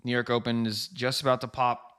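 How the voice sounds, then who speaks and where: A man hosting a live trading stream, giving quick, rambling market commentary, correcting himself and talking straight to his viewers. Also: mid-range voice, level tone, fairly bright tone, clean tone. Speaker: livestream trading host.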